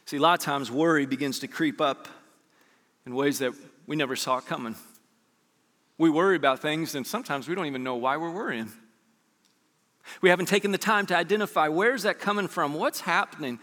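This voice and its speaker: A man preaching a sermon with a bright, ringing tone and a fairly high voice. He talks to the congregation conversationally, firing rhetorical questions and dropping from loud bursts to hushed lines. His voice carries a long reverb from a large church sanctuary. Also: a little fast, long pauses. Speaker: pastor.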